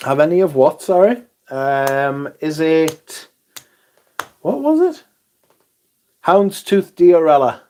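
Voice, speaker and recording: This livestream host has a mid-range voice with a darkish tone. He chats casually, swears now and then, and reads out comments from viewers.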